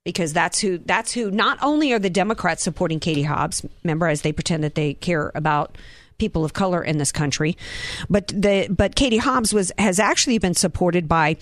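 A woman's voice: fairly low pitch, brisk, dry recording. Indignant woman political commentator. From Southern United States. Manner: indignant, fires off rhetorical questions.

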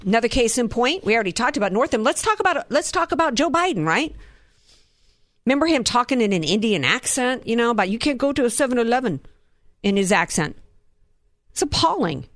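A woman's voice: on the high side, sing-song, fairly quick, fairly bright tone, no echo, clean studio sound. A woman from the Southern United States giving a political commentary monologue, indignant and firing off rhetorical questions.

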